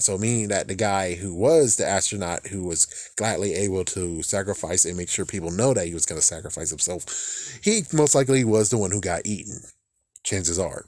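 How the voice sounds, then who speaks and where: A man's voice: sits low, a little mellow, no room sound, studio quality. A young man recapping a movie in a loose, rambling way, swearing freely and restarting his sentences. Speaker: movie reviewer.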